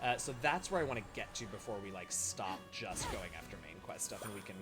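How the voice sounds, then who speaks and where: A man streaming a video game, giving casual, excitable, joking commentary and sometimes swearing or yelping. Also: on the low side, a little fast. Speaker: gaming streamer. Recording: voice over loud game music.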